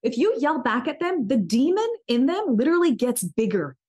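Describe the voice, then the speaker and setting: A woman's voice: high-pitched, sing-song, normal speed, darkish tone, slightly rough. A woman who is the guest in an interview, talking earnestly in a preachy way and often restarting her sentences. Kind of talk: casual interview talk about faith.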